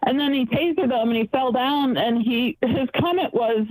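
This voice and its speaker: A woman's voice: on the high side, normal speed, hardly any pauses, a little mellow, dry recording, low-quality recording. A woman calling in to a talk show, telling her stories in a plain, matter-of-fact way. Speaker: caller. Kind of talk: casual call-in chat.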